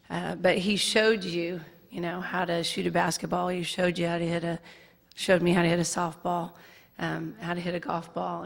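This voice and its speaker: A middle-aged woman speaks at an induction ceremony in a sincere, measured way. Her voice is low and gravelly, and it stays fairly level. The hall gives it a long reverb. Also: fairly bright tone. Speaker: daughter giving a family tribute.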